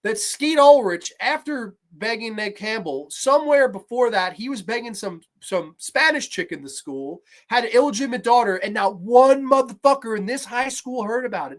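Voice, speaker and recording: A woman in her thirties hosting a horror movie review show, ranting with heavy profanity and sarcasm, swinging between low mutters and sudden shouts. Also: lively intonation, moderate pace, few pauses. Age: 30s.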